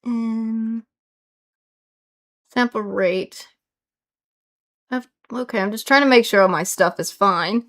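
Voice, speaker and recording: Young woman, game streamer, casual chat with viewers, high-ish voice, slow delivery. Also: fairly bright tone. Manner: talks straight to her chat, exclaiming and complaining aloud.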